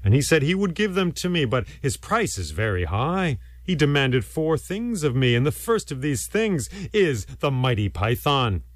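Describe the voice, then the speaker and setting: A man's voice: mid-range voice, sing-song, moderate pace, hardly any pauses, no room sound, clean studio sound. A man doing a sly, coaxing trickster. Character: clever, wheedling trickster spider-man.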